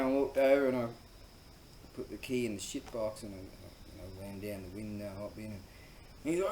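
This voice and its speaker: A man's voice: fairly low pitch, expressive, moderate pace, darkish tone. A man with an Australian accent telling a rambling, profane story in a casual monologue, full of fillers and laughing at himself. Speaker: host. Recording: echoey room with faint ambient noise.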